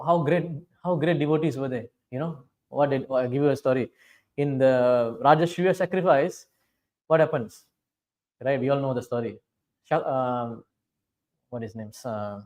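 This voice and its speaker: A man with a fairly high voice leads a scripture class, reciting Sanskrit verses and unpacking them in English. He keeps checking in with his listeners and speaks with fervent force when he turns to critics. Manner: checks in with listeners, asking "right?"; mixes chanted Sanskrit verses into English explanation. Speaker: spiritual teacher lecturing on scripture.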